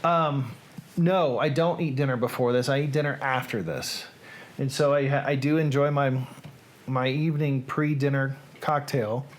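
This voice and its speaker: A man's voice: mid-range voice, fairly even intonation, moderate pace. A man with a Southern US accent hosting a live reading stream, chatting casually and rambling with small self-corrections. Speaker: host of a live reading show.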